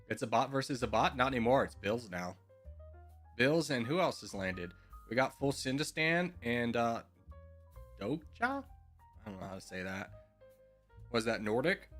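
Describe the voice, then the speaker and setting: A young man rambles through a game stream in a casual, sarcastic way. His voice is bright and very lively in pitch. Faint music plays under him. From United States. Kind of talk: casual gaming commentary.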